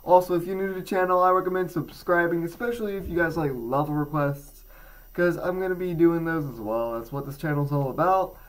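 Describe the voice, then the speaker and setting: Teenage boy, slightly high voice, casual vlog, rambling, lots of fillers. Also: steady tone, a little fast, rough recording. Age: teens. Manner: rambling, self-mocking, with many fillers. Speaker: gaming channel creator. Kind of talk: casual product review vlog.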